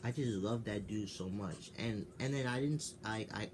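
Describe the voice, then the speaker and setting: A man's voice: fairly low pitch, moderate pace. A man in his twenties telling a personal story in a casual vlog, candid and rambling, swearing freely, just woken up. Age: 20s. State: just woke up. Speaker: vlogger. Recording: noisy background ambience.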